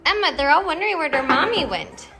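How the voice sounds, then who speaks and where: A woman's voice: high-pitched, animated, fast talker, very noisy. An adult woman, a dog breeder, filming her puppies at home on a phone, cooing at them in baby talk. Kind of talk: casual home video narration. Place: indoors at home by a puppy bed. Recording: loud puppy whimpers behind voice. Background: loud puppy whimpering and yips.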